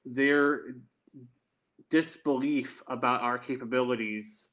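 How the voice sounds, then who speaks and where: A man speaks as an interview guest, taking his time over each answer. His voice sits at a middle pitch, and he explains things carefully and deliberately. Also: steady tone, fairly bright tone, low-quality recording. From Texas. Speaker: guest, attorney.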